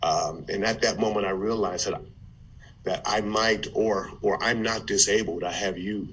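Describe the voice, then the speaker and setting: A man from Ohio, a former football player turned motivational speaker, telling his life story in an animated way with stammered restarts. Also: lowish voice, moderate pace, a little hiss or hum, low-quality recording. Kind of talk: conversational storytelling.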